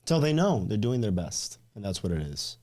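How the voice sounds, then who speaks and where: A man co-hosting a podcast, relaxed and loose, swearing casually as he chats. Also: on the low side, moderate pace. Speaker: podcast co-host.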